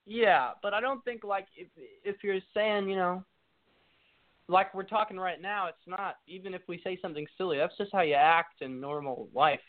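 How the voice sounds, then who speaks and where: A young man, a musician guest, chatting casually and rambling through his thoughts in an interview. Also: sits high. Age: young adult. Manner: rambling, quick asides. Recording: tinny phone-like line.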